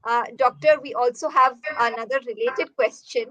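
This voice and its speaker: A woman's voice: fairly high pitch, fairly even intonation, moderate pace, a crowd in the background, rough recording. A woman, politely reading parents' questions to a doctor with frequent "uh" fillers as a workshop moderator. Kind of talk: moderating an online Q&A.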